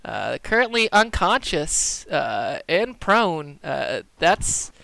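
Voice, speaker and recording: A man's voice: a little high, very animated, takes it slowly, creaky, sharp tone, no room sound, rough recording. A man narrating as game master for a tabletop game, casual and laid-back, with plenty of ums.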